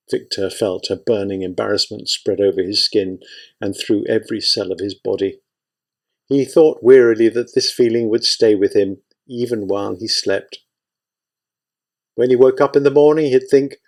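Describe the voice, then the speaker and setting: A man reading a literary novel aloud, narrating in a measured, even way. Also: on the low side. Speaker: audiobook reader.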